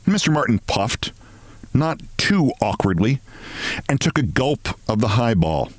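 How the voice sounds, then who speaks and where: A man hosting a show, reading a short story aloud in an expressive, measured way. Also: mid-range voice, no echo.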